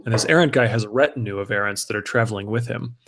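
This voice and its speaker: A man's voice: fairly low pitch, quick pace, fairly bright tone. Man running a tabletop game. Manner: hesitant, many fillers. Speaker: game master.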